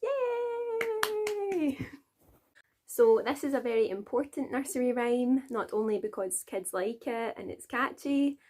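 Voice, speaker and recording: A woman's voice: fairly high pitch, normal speed, few pauses, a little mellow, slight background noise. A woman with a Glasgow accent, a nursery teacher chatting encouragingly as she explains a children's rhyme to adults. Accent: Glaswegian. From Scotland. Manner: chatty and encouraging, with frequent laughs. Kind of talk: friendly tutorial for adults.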